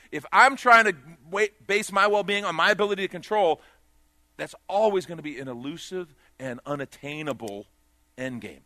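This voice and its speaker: Bright-voiced preaching man, dry close sound. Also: dry recording. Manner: swings between loud urgent peaks and quiet low asides. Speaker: pastor. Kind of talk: sermon.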